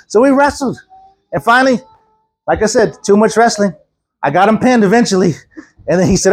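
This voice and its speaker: Speaking briskly but with long pauses, this man has a husky voice that sits high. His sermon is a lively story in which he performs the characters' voices and laughs often alongside the congregation.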